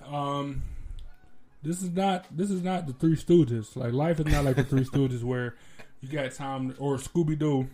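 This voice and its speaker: A man from Ohio telling stories in a casual chat, animated and laughing often as he acts out what people said. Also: on the high side, unhurried, slight background noise.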